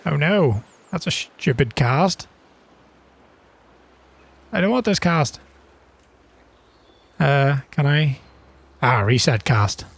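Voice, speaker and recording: The voice is male, fairly high, husky and creaky, and he speaks slowly and animatedly with frequent pauses. It's casual gameplay commentary on his own channel, full of chatty self-deprecation and surprised gasps at each fresh discovery.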